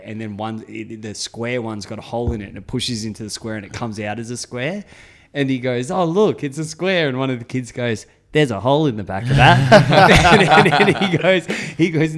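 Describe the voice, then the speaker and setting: A man's voice: mid-range voice, moderate pace, fairly bright tone. A man in his thirties, co-hosting a podcast and telling a rambling, profane story while laughing through it. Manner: swears freely, laughs through his stories. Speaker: podcast co-host. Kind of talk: casual chat, storytelling.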